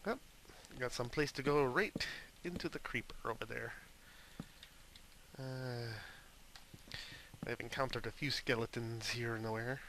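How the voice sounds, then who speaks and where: Man, bright voice, jokey let's play chatter, faint mic hiss. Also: medium pitch. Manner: rambling, jokey, self-mocking. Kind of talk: casual gameplay commentary. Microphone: desk microphone.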